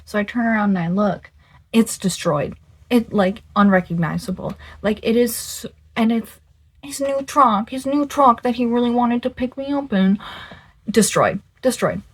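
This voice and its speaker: A young woman in her twenties telling a dating story to the camera in a casual, animated way, stretching words for emphasis and swearing in disbelief. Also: fairly high pitch, normal speed, slightly rough. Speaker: vlogger.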